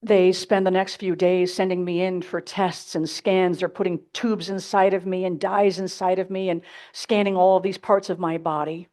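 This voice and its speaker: A woman's voice: on the low side, flat delivery, moderate pace, hardly any pauses, darkish tone. Woman speaker at a symposium, candid, dramatic storytelling, talking to a crowd. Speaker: keynote speaker. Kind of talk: personal story talk. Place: symposium stage before an audience.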